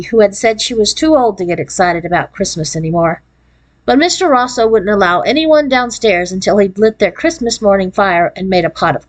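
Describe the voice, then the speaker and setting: A woman reading a children's chapter book aloud in an expressive storybook cadence. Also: medium pitch, poor audio. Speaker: read-aloud narrator.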